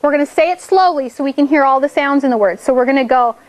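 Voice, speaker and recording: Speaking quickly in a high, bright voice, a cheerful elementary school teacher encourages her class. She guides the kids step by step and keeps asking "okay?".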